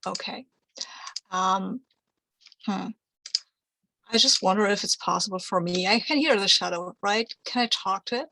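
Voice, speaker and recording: A woman at a tabletop game, talking her plans through in a rambling, self-reassuring way. Her voice is bright and close, in a dry, dead room. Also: medium pitch, a little slow, vocal fry, long pauses, no room sound, rough recording. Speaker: player. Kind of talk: casual tabletop play.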